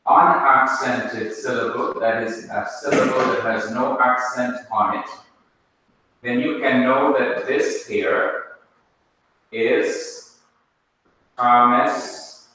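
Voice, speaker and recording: A man teaching a Hebrew class, explaining slowly and step by step. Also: mid-range voice, fairly even intonation, sharp tone, a little hiss or hum. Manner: slow, explains step by step, spells things out. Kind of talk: classroom lesson. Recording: echoey hall, speaker far from mic.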